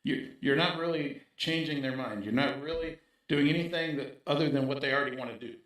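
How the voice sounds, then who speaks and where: A man's voice: fairly high pitch, fairly quick, a bit bright. A man speaking in a casual interview as a guest, making his points emphatically and checking in with "right?". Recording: very echoey room.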